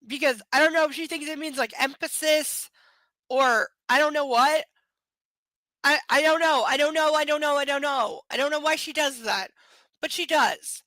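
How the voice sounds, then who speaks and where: A tired woman reading a novel aloud on a live stream, breaking off to chat bluntly and sardonically, with plenty of swearing. Her voice is high and bright, recorded close and dry. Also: moderate pace, no room sound. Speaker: live stream book reader.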